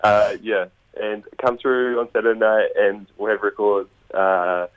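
A man talks about his band on a radio call-in. He sounds relaxed and self-deprecating, with a voice pitched a little low. The sound is dry and close. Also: measured pace, dry recording, lo-fi sound. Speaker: musician guest calling in. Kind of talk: phone-in radio interview.

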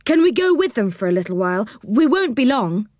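Lady reading as a keen little boy, quick and hopeful, storybook voice. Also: on the high side, very animated, a little mellow, no room sound, voice pushed up. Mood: pleading. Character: eager young boy. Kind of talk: storybook read-aloud.

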